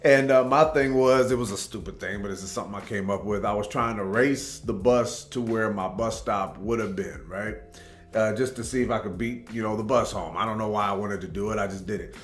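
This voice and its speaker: In a reaction video, a man from Tacoma, Washington, USA offers casual storytelling commentary, rambling and laid-back, with lots of "man." His voice is fairly low and a little fast. There's a roomy echo and faint music in the background.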